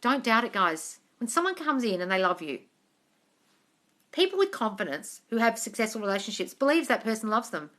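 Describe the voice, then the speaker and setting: A bright, fairly high Australian woman answers viewers' questions in a casual live chat. She talks bluntly, swears freely and keeps calling her listeners darling. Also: very animated, fairly quick. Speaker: manifesting coach on a live stream.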